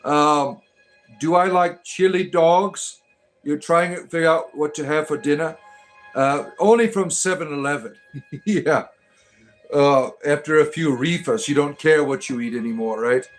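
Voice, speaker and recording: A man's voice: a little high, measured pace, soft background music. A man from Detroit hosting a casual livestream, reading viewer comments aloud and answering them in a rambling, hesitant way with many fillers and restarts. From Detroit, Michigan. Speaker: livestream host reading chat.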